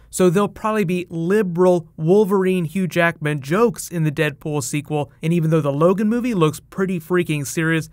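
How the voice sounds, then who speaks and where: A man talks through movie news in a chatty, enthusiastic commentary, tossing in quick asides. His voice sits fairly high, and the recording is close and dry with no room sound. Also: dry recording. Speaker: host.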